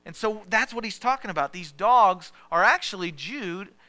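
Bright, clear-voiced male preacher. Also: high voice, lively intonation, normal speed, dry recording. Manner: conversational, jokey storytelling preacher. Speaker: pastor. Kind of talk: sermon.

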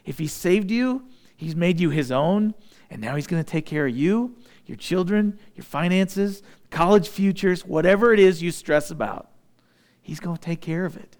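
A man delivers a sermon in a fairly high voice. He preaches with animation, acting out other people's voices and sinking into a low, intense hush to make a point. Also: lively intonation, normal speed. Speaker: pastor.

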